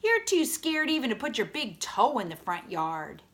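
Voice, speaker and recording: A woman's voice: fairly high pitch, wildly swooping pitch, moderate pace, fairly bright tone. A woman voicing a teasing, daring little boy. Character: small boy, patient, needling and daring.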